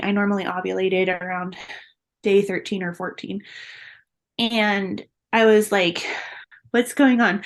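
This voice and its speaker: A young adult woman, a guest in an interview, earnestly telling a personal story and laughing often between the hard moments. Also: medium pitch.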